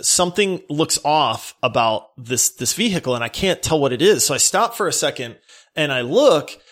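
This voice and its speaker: A man from Louisiana tells a story in casual podcast chat. He laughs along and acts out the quotes loudly. His voice sits a bit high and moves around a lot. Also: lively intonation, moderate pace.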